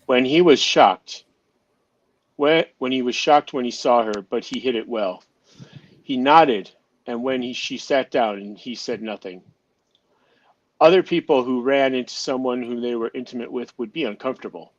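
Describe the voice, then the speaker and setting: A man narrating an amateur audio drama in a steady reading voice, now and then stumbling and restarting a phrase. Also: medium pitch, moderate pace, no echo, highs cut off.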